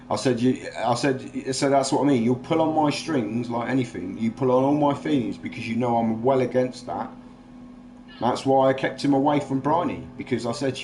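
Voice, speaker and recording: A man's voice: mid-range voice, normal speed, darkish tone. Agitated man venting. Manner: agitated, rambling, swears freely. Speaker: livestream host. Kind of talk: casual chat.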